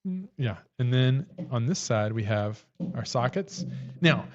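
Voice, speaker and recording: A man's voice: medium pitch, lively intonation, measured pace, highs cut off. A man co-hosting a casual livestream, rambling as he shows off a tool kit on camera. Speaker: livestream co-host.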